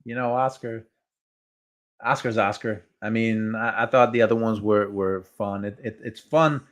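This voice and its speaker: Low-voiced man hosting casual boxing chat. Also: normal speed. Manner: relaxed, rambling, chuckles often. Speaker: boxing show host.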